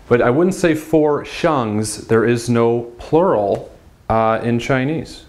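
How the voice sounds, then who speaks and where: Slow-talking man teaching at a whiteboard. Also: animated, a little mellow. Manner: demonstrates sounds with exaggerated pitch swings; patient, repeats words slowly. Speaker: language teacher. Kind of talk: whiteboard lesson.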